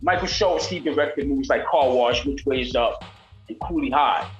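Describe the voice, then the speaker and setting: An older man, a rapper being interviewed, telling animated stories and mimicking voices in casual talk. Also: mid-range voice, moderate pace, muffled recording. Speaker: rapper guest. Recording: roomy sound with faint music.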